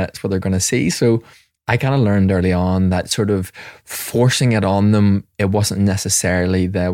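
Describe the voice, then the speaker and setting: Low-voiced man telling stories. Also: dry recording, clean studio sound. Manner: animated storytelling, acting out quoted voices; frequent restarts and repetitions. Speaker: mental health professional. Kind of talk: conversational podcast talk.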